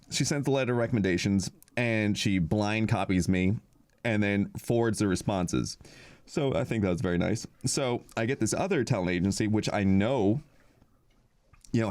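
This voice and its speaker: Deep-voiced man telling a rambling story. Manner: rambling and animated, many fillers and acted-out quotes. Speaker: podcast co-host. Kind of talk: casual storytelling chat.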